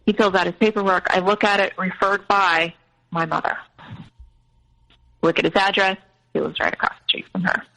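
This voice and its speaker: Candid woman with a gravelly edge. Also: medium pitch, little pitch movement, moderate pace, long pauses, pushed and bright, low-quality recording. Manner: candid, conversational retelling. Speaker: interview guest. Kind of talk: personal storytelling.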